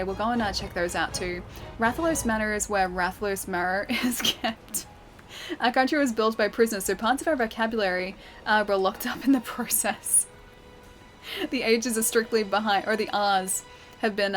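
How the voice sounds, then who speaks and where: Chatty Australian woman streaming a game. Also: mid-range voice. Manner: chatty, laughs often, reads chat aloud. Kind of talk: casual gaming livestream chat.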